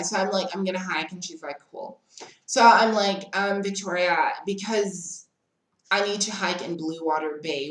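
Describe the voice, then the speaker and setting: A woman's voice: on the low side, echoey room, poor audio. A young woman telling a dramatic story in a casual, chatty way, full of "like". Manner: animated, dramatic storytelling with lots of "like". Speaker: vlogger.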